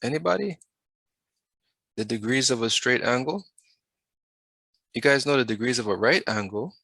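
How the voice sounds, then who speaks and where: With a medium-pitched, creaky voice that sounds pushed and bright, a man teaches a math class over video at normal speed. He patiently puts frequent questions to students and waits for answers, and the audio has no echo.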